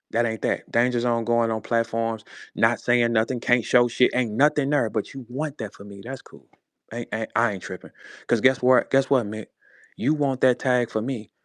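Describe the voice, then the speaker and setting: Addressing a rival on a live audio space, a St. Louis-accented battle rapper unleashes a heated, cuss-filled rant peppered with "man" and "bro." His delivery lurches between low mutters and loud, high-pitched outbursts, and the recording is dry.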